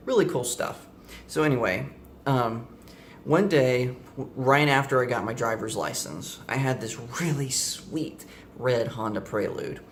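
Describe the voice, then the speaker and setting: A man's voice: mid-range voice, slight background noise. Young male vlogger, casual storyteller who meanders and corrects himself, mid-range voice. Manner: rambling, many fillers and self-corrections.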